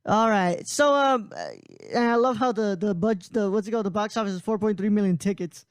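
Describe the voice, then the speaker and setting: A man's voice: high voice, brisk, smooth, dry recording. A man hosting a casual podcast, rambling with frequent laughs and restarts. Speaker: podcast host.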